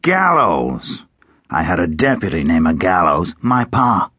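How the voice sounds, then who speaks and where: Guy doing a grumpy old sheriff, growly and mocking, husky, pitch all over the place. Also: sing-song, takes it slowly, sharp tone, dry recording, studio quality, full character voice. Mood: gruff. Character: gruff old male frontier sheriff, scornful. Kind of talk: audiobook character voice.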